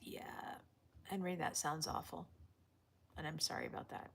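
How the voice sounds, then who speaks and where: A woman's voice: low-pitched, steady tone, moderate pace, creaky. A woman livestreaming casually outdoors, reading chat and talking to viewers, often dropping into whispers and bursting into laughs. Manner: chatty, drops to whispers and laughs.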